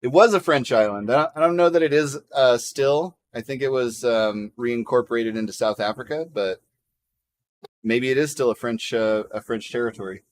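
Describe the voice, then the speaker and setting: A man's voice: mid-range voice, moderate pace, no room sound. A man hosting a casual livestream chat, joking around, laughing often and reading out viewer comments. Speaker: livestream host.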